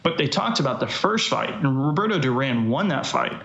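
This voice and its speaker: A man's voice: mid-range voice, very animated, fairly quick, a bit bright. A man co-hosting a casual live-stream chat, talking in loose, rambling runs full of "you know" and restarts. His voice sits in a middle register. It comes through a roomy, echoey space with a slightly dull, muffled sound. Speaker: MMA show co-host.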